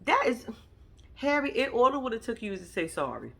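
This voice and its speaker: A woman's voice: fairly high pitch, sing-song, brisk, vocal fry, bright, forceful tone, husky. A woman giving a casual commentary recap of a reality TV episode, blunt and profane, acting out the people she quotes.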